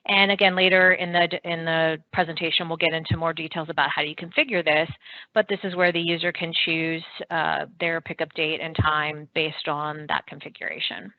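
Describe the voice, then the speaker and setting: A woman presenting a software product demo, explaining features step by step in a steady way with some fillers. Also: low voice, brisk, phone-quality sound.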